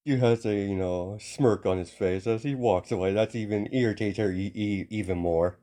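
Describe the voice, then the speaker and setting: A man improvising a fan story as narration, halting often with restarts and self-corrections. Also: on the low side, mellow.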